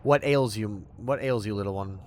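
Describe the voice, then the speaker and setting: A man's voice: on the low side, moderate pace, a little hiss or hum. A man chatting casually on a game livestream, playful and rambling, swearing freely as he talks to his chat. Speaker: streamer.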